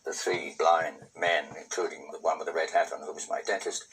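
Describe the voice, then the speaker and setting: A man's voice: very deep voice, level tone, a little fast, fairly bright tone. A man in an interview telling a wry anecdote in a dry way. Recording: distant recording with faint noise.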